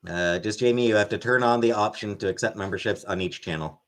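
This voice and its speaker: A man's voice: on the low side, fast talker. A man hosting a casual livestream from home, rambling as he reads chat comments and thanks viewers by name. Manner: rambling, thanks chatters by name, baby-talks to his pet. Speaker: livestream host.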